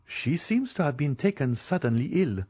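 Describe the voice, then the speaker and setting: A man's voice: medium pitch, big pitch swings, normal speed, darkish tone, no echo, pitched above the performer's own voice. A man reading the part of a bold, direct young woman in an audiobook. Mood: cool. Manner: direct, cool.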